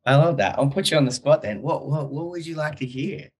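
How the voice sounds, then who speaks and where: A man's voice: on the high side, expressive, a little fast, slightly rough, poor audio. A man hosting a podcast, chatting casually and reflectively with his guest. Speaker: podcast host. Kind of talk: casual interview chat.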